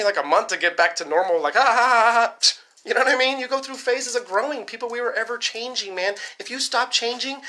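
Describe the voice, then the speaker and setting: Rambling, profane man with a bright voice. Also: high-pitched. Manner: rambling, profane, fast-talking. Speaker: vlogger. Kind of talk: casual rant to camera.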